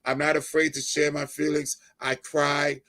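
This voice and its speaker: At normal speed and a little high in pitch, a middle-aged man from New Jersey delivers an emotional personal testimony in an interview. He is animated, laughing frequently and turning louder as he gets excited.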